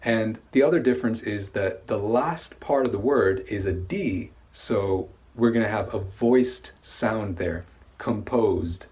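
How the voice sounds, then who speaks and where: Low-voiced man teaching pronunciation slowly. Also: darkish tone. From Brunei. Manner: slow, careful enunciation of words. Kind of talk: scripted vocabulary lesson.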